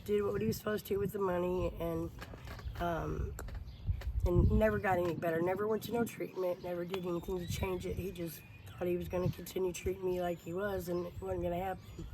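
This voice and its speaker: A woman in her forties telling her life story in an interview, halting and emotional, with many fillers and restarts. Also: on the low side, little pitch movement. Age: 40s. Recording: noisy outdoor background.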